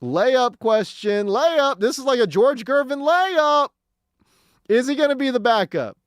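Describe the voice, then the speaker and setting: Lively male sports radio host, animated pitch, dry close studio mic. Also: moderate pace, clear, resonant tone, no echo. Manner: excitable, laughs often, swings from loud to low.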